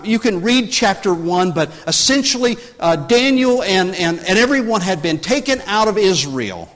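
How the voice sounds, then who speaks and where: A man preaches a sermon in a high, very animated voice, full of swoops. He tells his story with restarts and asides, then climbs in force as he drives his point home. The sound rings with a long reverb, like a church sanctuary. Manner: rambling storytelling with many restarts, rising in force when preaching. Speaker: pastor.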